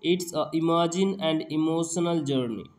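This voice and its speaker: Male exam-prep tutor, slightly high pitch, slow and repetitive delivery with restarts. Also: darkish tone. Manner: slow, repeats each question and answer, frequent restarts. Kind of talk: reading out and explaining quiz questions.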